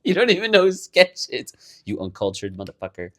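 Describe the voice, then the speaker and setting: A man's voice: a little high, huge pitch swings, brisk, a bit bright. A man co-hosting a podcast in casual chat, laughing a lot, swearing and saying "bro" as he tells a story. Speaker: podcast co-host.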